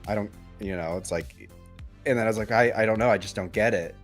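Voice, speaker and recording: A young man co-hosting a podcast tells a childhood story casually, rambling with lots of fillers and restarts. His voice is lowish and fast, with faint music in the background.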